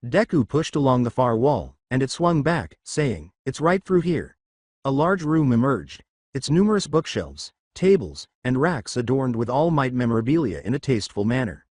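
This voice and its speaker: Man, fan fiction narrator, scripted storytelling, lively pitch, dry close sound. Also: moderate pace, no echo.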